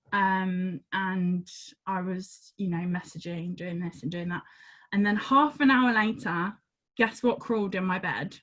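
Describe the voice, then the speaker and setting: A woman telling a personal story in a casual, animated way. She acts out her own reactions and repeats words as she goes. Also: mid-range voice. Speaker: community member sharing a story. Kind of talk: casual storytelling on a group call.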